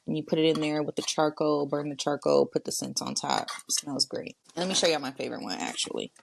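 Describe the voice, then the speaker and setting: Casting: female podcast host, low gravelly voice, relaxed solo chat straight to listeners. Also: a little fast. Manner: chatty, talks straight to listeners. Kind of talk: casual solo monologue.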